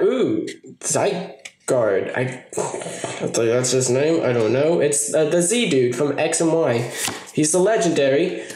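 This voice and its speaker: A young man giving casual, joking commentary while opening card packs, swearing often. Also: mid-range voice. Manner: excitable, swears a lot, jokey asides. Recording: echoey room with faint noise.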